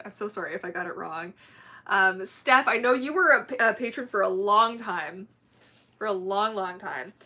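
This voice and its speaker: A woman with German as her first language talks casually to her livestream viewers. Her voice is bright and forward, and she gushes, laughs a lot and strings thoughts together with many fillers. She sounds like she is at a home streaming mic. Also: mid-range voice. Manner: chatty, gushing, laughs often, many fillers. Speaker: livestream host.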